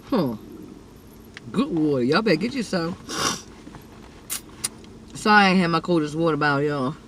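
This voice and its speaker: A woman's voice: deep voice, expressive, moderate pace, a little hiss or hum. A woman, chatting playfully with viewers about her meal on her eating show. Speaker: mukbang vlogger. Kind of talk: casual eating show chat.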